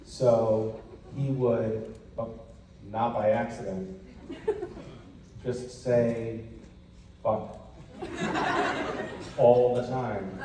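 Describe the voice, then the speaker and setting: A man's voice: extremely slow, pauses often, far from the mic, background noise. Man telling a story in a big echoey hall. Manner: animated storyteller, jumps into high voices for quoted lines. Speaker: convention panel guest. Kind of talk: casual storytelling on stage. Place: large convention hall, recorded from the audience. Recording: echoey hall audience recording from afar.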